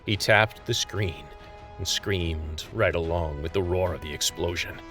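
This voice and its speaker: A man reading his own story aloud as scripted audiobook narration, with a measured, even storytelling delivery. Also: deep voice, soft background music.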